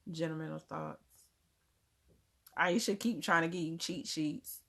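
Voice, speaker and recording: A woman's voice: low voice, steady tone, a little slow, vocal fry, fairly bright tone. A woman with a Southern US accent, chatting casually on a livestream and answering viewers, laughing often. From Germany. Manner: drops words, casual grammar. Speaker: livestream host. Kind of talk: casual live chat reading comments.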